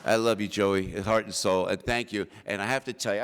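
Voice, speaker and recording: A man's voice: on the low side, steady tone, brisk, fairly bright tone, clean tone. A middle-aged man giving an emotional, joking acceptance speech at an awards ceremony, calling out to the crowd. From New Jersey. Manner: emotional, punchy, calls out to the crowd. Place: large hall at an awards ceremony. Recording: long hall reverb.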